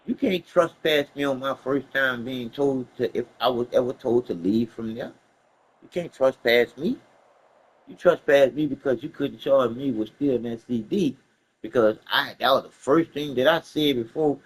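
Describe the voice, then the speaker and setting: A man telling a story casually, animated and profane, laughing along the way. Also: medium pitch, normal speed, breathy edge, rough recording.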